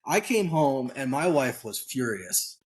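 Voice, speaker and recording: A man guest on an interview show, telling a story in a candid, casual way with lively acted-out bits of dialogue. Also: mid-range voice, unhurried. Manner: animated storyteller who acts out quoted dialogue; candid, casual, occasionally swears. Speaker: podcast guest.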